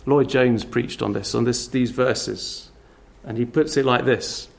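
A man's voice: mid-range voice, steady tone, a little slow, gravelly, noisy background. A middle-aged man preaching a sermon, earnestly pressing his listeners with repeated direct questions. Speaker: pastor.

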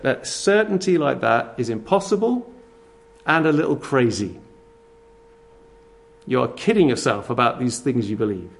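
A man preaching a sermon, earnest and animated, telling stories and asking rhetorical questions. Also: medium pitch.

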